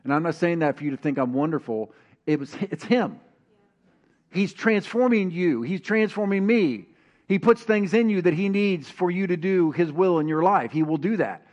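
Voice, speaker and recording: A man preaching a sermon as pastor, telling a personal story and reading scripture, animated and calling on the congregation to answer back. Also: high-pitched, moderate pace. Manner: animated, calls for congregation responses.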